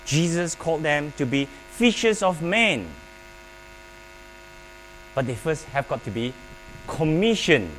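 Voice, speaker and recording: Man, preacher, sermon, raised pitch, emphatic pauses, call-and-response, faint mains hum. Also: very animated, fairly bright tone, poor audio.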